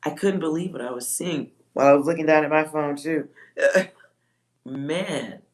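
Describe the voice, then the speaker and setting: Low-voiced blunt woman. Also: normal speed. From Texas. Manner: blunt, profane, laughs often. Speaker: psychic reader on a livestream. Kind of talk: casual livestream chat.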